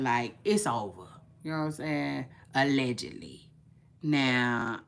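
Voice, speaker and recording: A woman's voice: on the low side, sharp tone. Drawling chatty woman vlogger. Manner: chatty, repeats herself, drawling asides. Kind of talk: casual gossip commentary.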